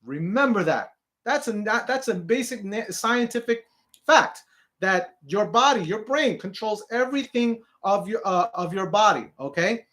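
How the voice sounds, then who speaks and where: A man's voice: high-pitched, lively intonation, normal speed, a bit bright. A man gives an online singing lesson in an encouraging teaching voice. He explains posture and technique step by step and often stops to check in with the learner. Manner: encouraging, repeats "okay?" to check in.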